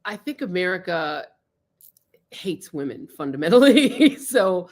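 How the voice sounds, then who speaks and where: Brief: woman interview guest, very lively swooping pitch, expressive storyteller, blunt. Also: a little slow. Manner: expressive, laughs a lot, blunt. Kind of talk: animated storytelling in conversation.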